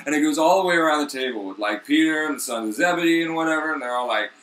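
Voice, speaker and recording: A young man rambles through a story in loose slang and plenty of swearing, his fairly high voice bright and bouncing around in pitch. He is recorded in an echoey room. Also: expressive, rapid-fire. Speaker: host. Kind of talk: casual comedic retelling.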